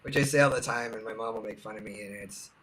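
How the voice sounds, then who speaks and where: Bright-voiced man speaking candidly. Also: lowish voice, quick pace. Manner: candid, conversational, quotes others often. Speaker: guest. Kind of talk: casual interview chat.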